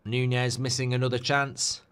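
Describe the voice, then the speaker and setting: A man hosting a live football watchalong, chatty and animated, with quick asides about the scores. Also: mid-range voice, clean tone. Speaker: host.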